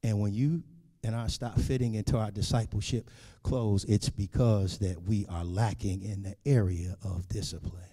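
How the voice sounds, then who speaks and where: Preaching man swinging soft to loud. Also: fairly low pitch, steady tone, moderate pace. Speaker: pastor. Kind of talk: sermon.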